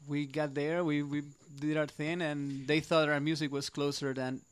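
A man's voice: fairly high pitch, moderate pace, clear, resonant tone. Spanish-accented man chatting easily. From Spain. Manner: relaxed, explains at length with many fillers. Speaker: guitarist and singer, studio guest. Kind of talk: casual radio chat.

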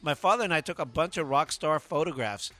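A man's voice: fairly high pitch, animated, a little fast, sharp tone. A middle-aged man hosting a radio show, telling rambling stories full of "uh" fillers. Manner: chatty, rambling anecdotes with many "uh" fillers. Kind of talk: casual radio talk.

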